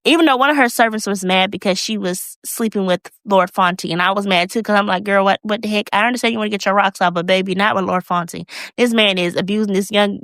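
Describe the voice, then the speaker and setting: A woman hosting a casual recap review, telling the story in a chatty, animated way and acting out quotes. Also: medium pitch, no room sound. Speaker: video recap host.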